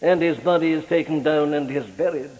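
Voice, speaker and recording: A man's voice: brisk, darkish tone, long reverb tail, poor audio. A man preaching a sermon with a dramatic, rhetorical delivery, his voice rising and falling sharply. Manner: dramatic, rhetorical preaching with wide swings in pitch and volume.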